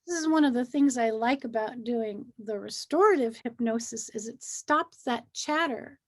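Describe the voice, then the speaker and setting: A middle-aged woman, a hypnosis practitioner, is a guest in a casual conversation, earnestly explaining feelings and acting out what people say to themselves. Her voice is fairly high and her pace moderate, with an animated delivery.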